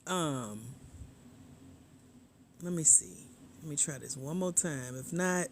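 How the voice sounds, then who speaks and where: This grant coach, a woman, hosts a relaxed livestream from her bed using a tablet, drowsy and trying not to doze off. Speaking slowly in a deep voice, she reads viewer comments aloud and laughs frequently, with a little hiss or hum in the audio.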